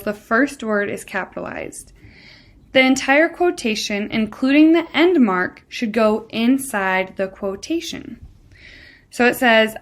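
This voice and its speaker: A woman teacher giving a recorded grammar lesson, walking through each rule step by step and starting many sentences with "so.". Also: a little high.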